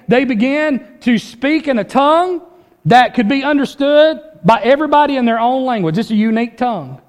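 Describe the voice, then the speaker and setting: A man preaching a sermon as pastor, urgent and conversational, dropping low then rising with force. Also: big-room sound. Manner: urgent, conversational preaching with dramatic drops and rises.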